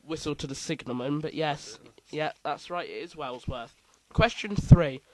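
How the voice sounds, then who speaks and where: A man's voice: on the high side, normal speed, crowd noise, poor audio. Man reading quiz questions aloud. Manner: reads multiple-choice options, playful asides. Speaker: quiz host.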